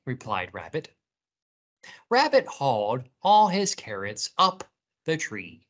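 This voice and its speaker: A woman reading picture books aloud and singing to young children at library story time, inviting them to join in. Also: rumbling low. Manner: slow, animated storytelling, inviting kids to join in.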